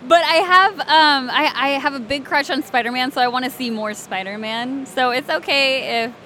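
A woman's voice: high voice, moderate pace, sharp tone, slight background noise. A woman from Alabama, chatting in an interview as a voice actress, bubbly and often giggling. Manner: bubbly and giggly, many fillers. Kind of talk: casual interview chat.

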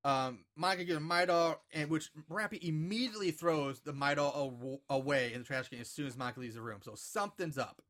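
A man's voice: a little high, a little fast, hardly any pauses, fairly bright tone. A rambling, swearing man recapping a film. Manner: rambling, profane, filler-heavy. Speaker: podcast co-host recapping a movie. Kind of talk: casual chat.

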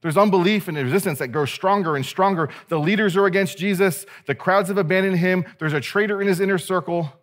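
A man preaching a sermon as pastor, animated and conversational, with playful asides to his listeners. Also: sits high, fast, few pauses.

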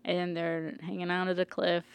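A woman's voice: lowish voice, moderate pace, vocal fry, clean tone, no echo. A woman in casual chat, animatedly retelling a TV plot and laughing often. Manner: animated storyteller, acts out characters, laughs often.

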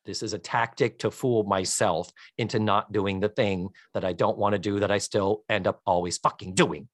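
A man's voice: on the low side, fairly even intonation, moderate pace, no echo. Casting: middle-aged American male podcast host, wry and rambling, dry close sound. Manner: wry, rambling, self-mocking. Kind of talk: casual movie review chat.

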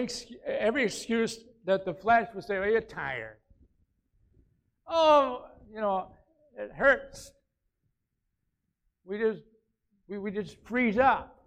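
A man preaching a conversational sermon, repeating phrases and rising to emphatic peaks. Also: sits high. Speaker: pastor.

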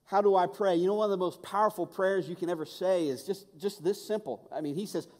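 Impassioned preacher, ringing hall reverb. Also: male voice, sits high, fast. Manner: impassioned, swings between loud urgency and hushed intimacy, stammers and repeats words. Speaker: pastor. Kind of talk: sermon. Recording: long reverb of a large hall.

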